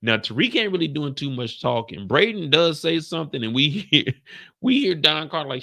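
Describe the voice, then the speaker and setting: Animated gravelly man recapping a show. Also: brisk. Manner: animated, acts out characters in high and low voices. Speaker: show reviewer. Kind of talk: casual recap commentary.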